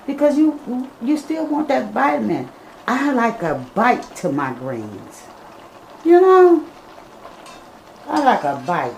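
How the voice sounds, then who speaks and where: Woman cooking host, folksy and slow-spoken, talks straight to her viewers; roomy home kitchen. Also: medium pitch, a little mellow, a little hiss or hum. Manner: chatty, addresses viewers as y'all and you guys. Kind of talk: casual cooking vlog talk.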